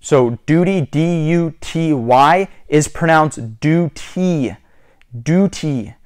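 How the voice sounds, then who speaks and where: A man making a casual how-to vlog, chatty and repetitive, slowly spelling out and demonstrating words. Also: a little high, clear, resonant tone. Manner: chatty, repeats "you guys" and "so again". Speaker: YouTuber.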